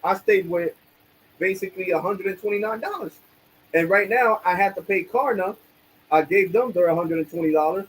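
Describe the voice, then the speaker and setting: A man's voice: high-pitched, moderate pace, slight background noise, low-quality recording. A man ranting angrily on his livestream, swearing often and using casual streetwise slang. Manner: angry, profane ranting.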